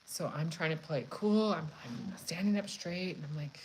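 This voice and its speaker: A woman hosting a cooking channel, chatting casually and telling a story in a frank, profane, animated way. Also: sits low, normal speed, slight background noise, poor audio. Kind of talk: casual live chat storytelling.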